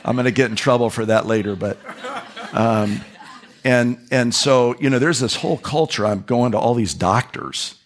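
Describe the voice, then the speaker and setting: A man preaching a sermon as pastor, hoarse from a throat problem, talking conversationally with restarts and asides. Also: medium pitch, normal speed. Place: church.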